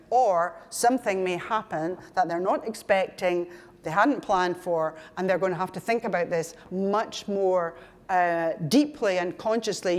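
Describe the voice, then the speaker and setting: An older Scottish woman giving a conference lecture, talking in a chatty, digressive way with asides and self-corrections. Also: fairly low pitch. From Scotland. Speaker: conference speaker.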